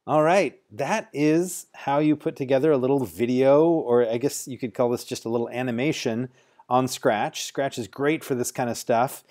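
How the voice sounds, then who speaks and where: Brief: man, mid-pitched and mellow, talks through a coding lesson casually, thinking aloud. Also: normal speed. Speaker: teacher. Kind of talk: screen-recorded coding tutorial.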